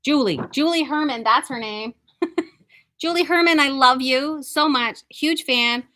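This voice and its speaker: Her voice sits high with a sharp tone and a slightly slow pace as she hosts a casual live product showcase for a quilt shop. She chats enthusiastically about the items, often starting her sentences over.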